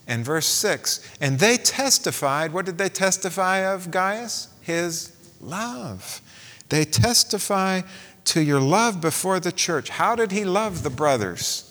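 Expressive male preacher in a reverberant hall. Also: a little high, takes it slowly. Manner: expressive preaching with rhetorical questions. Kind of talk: sermon.

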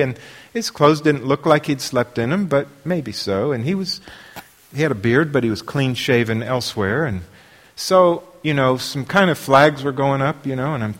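A preacher tells a story from the pulpit in a loose, rambling way, full of "you know" and restarts. His voice sits at a mid pitch. It is heard through long reverb, as in a large hall. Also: normal speed. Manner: rambling storytelling with many fillers. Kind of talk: sermon anecdote.

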